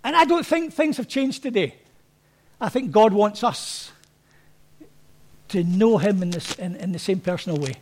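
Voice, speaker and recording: Preaching to his congregation in a very high voice, this pastor keeps things conversational and full of anecdotes, frequently performing the voices of those he quotes. He is animated and speaks at normal speed, leaving long pauses.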